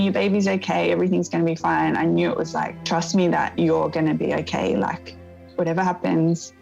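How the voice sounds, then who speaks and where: Gravelly, soft-spoken woman sharing her story. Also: fairly low pitch, lo-fi sound. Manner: soft, reflective, halting with restarts. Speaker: interviewee sharing a personal story. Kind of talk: emotional personal testimony.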